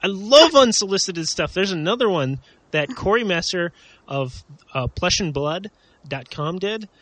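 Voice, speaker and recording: A man's voice: sits high, lively intonation, unhurried, a bit bright, no room sound. A man co-hosting a casual podcast chat, rambling with lots of fillers and laughs. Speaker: podcast co-host.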